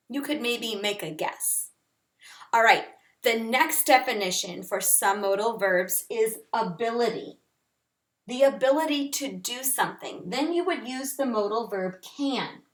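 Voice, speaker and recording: A woman teacher slowly and clearly explaining English grammar to learners. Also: fairly high pitch, fairly bright tone. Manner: slow, clear, deliberate teaching delivery. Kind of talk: instructional lesson. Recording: echoey room, voice off-mic.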